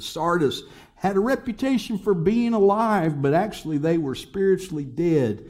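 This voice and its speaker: A middle-aged male pastor preaching a sermon, firing rhetorical questions at the congregation and swinging between loud exhortation and soft, hushed passages. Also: sits high, expressive, moderate pace.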